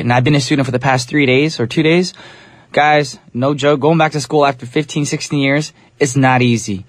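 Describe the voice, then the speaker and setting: A man in his thirties hosts a live radio show from a studio, upbeat and playful, with casual slang. His voice sits a little high for a man. The studio microphone sounds close and dry. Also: no room sound. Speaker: radio DJ host.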